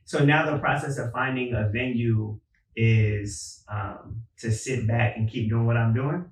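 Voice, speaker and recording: This man is a podcast guest from Philadelphia, chatting casually with lots of likes and ums. His voice sits at an ordinary pitch and carries the reverb of a roomy space, heard from some distance off the mic. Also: measured pace, a little hiss or hum. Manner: relaxed, storytelling with filler words. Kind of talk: casual conversation.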